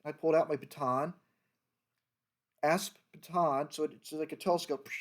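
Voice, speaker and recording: A man's voice: on the high side, steady tone, normal speed. A man, a former federal agent, telling a story from his working days in a loose, rambling way, with many fillers and restarts. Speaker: retired federal fisheries agent telling stories. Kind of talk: casual storytelling monologue.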